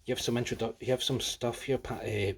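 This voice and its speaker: A man's voice: medium pitch, steady tone, brisk, slight background noise. A Scottish man giving a casual, rambling comic book review, full of swearing and rants. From Scotland. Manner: profane, ranting, sweary.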